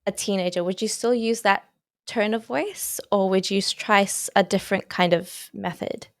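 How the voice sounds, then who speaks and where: A young woman in her twenties hosts a podcast interview. She asks questions tentatively, hedging with many qualifiers. Her voice is mid-pitched and dry. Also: moderate pace, dry recording. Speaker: podcast host.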